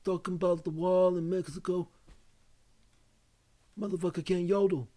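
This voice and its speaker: A man's voice: high-pitched, level tone, normal speed, dark tone, voice pushed up, lightly acted. A man doing a voice of a boastful male politician who talks in street slang, brash and swaggering.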